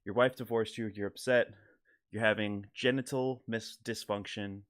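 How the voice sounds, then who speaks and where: A man playing a calm, matter-of-fact doctor in a told joke. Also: lowish voice, normal speed, lightly acted. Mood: clinical. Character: calm, clinical adult male doctor.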